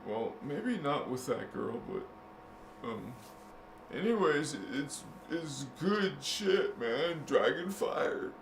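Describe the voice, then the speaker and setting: A man's voice: on the high side, big pitch swings, takes it slowly. A man hosting a spiritual video channel, talking in a casual, joking way with crude slang and laughing at his own jokes. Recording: roomy echo with faint noise.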